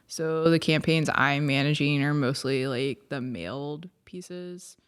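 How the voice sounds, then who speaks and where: A woman's voice: sits low, takes it slowly, clear, resonant tone. A woman co-hosting a comedy podcast, chatting casually, teasing her co-host and laughing often.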